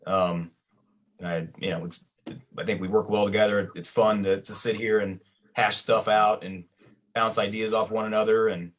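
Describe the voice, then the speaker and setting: A man's voice: lowish voice, flat delivery, normal speed. A male musician talking casually in an interview, hesitant and searching for words.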